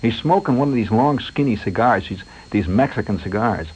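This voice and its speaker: A man telling a long story on the radio in a rambling, vivid, animated way. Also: fairly low pitch, a little fast, breathy edge. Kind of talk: spoken storytelling monologue. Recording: dull radio recording, faint hiss.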